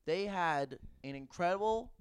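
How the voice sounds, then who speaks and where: A man's voice: high voice, animated, measured pace, crowd noise. A man co-hosting a podcast, chatting about sports in an enthusiastic, emphatic way, often restarting his sentences. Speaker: podcast co-host. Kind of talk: casual sports chat.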